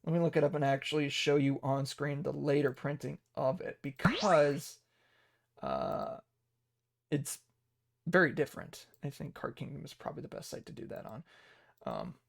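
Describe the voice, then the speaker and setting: A man's voice: a little high, very animated, moderate pace, gravelly, no room sound, clean studio sound. A man hosting a live-stream podcast in loose, rambling casual chat. He thinks aloud while looking things up and laughs often. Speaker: livestream podcast host.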